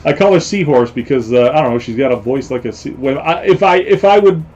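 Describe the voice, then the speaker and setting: A man hosting a livestream show, chatting casually and rambling between jokes with a quick laugh. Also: mid-range voice, lively intonation, a little mellow. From Canada. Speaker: show host. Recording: slightly dull lo-fi stream audio.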